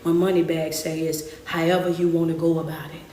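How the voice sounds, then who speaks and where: A woman giving a motivational sermon, emphatic and repetitive, now and then rising to shouts. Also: low voice, level tone, brisk. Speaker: motivational speaker. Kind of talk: motivational preaching. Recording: roomy, distant mic, faint ambience.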